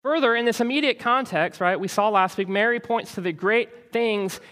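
High-voiced man preaching in a reverberant hall. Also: normal speed, hardly any pauses. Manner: animated, conversational preaching with frequent "right?" asides. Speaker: pastor. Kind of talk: sermon.

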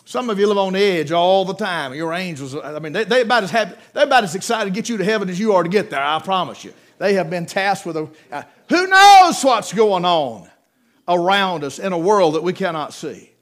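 A man preaching a sermon, telling Bible stories, acting out the quoted voices and dropping to a hush for emphasis. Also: high voice, quick pace, hardly any pauses.

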